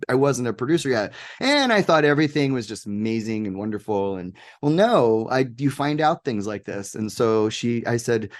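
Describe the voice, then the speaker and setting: Animated man telling a rambling story. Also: mid-range voice, normal speed, hardly any pauses. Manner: animated, rambling anecdotes with laughs and quoted voices. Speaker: interview guest, game maker. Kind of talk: casual interview storytelling.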